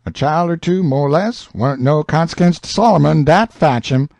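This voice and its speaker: A man's voice: fairly high pitch, moderate pace, creaky, a little mellow, no echo, voice pushed up. A man doing a stubborn man. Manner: drawling, insistent, folksy. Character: stubborn grown man, sure of his own reasoning. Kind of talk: audiobook character reading.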